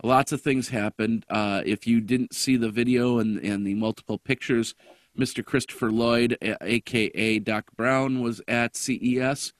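A man hosting a casual tech podcast, his voice raspy and hoarse from a cough, rambling with lots of fillers and restarts. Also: medium pitch, fairly even intonation, normal speed, dry recording, clean studio sound. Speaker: podcast host.

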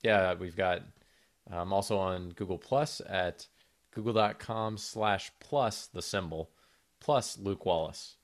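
A man's voice: low-pitched, slow pace. A man co-hosting a casual tech podcast, easygoing and a little hesitant. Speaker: podcast co-host.

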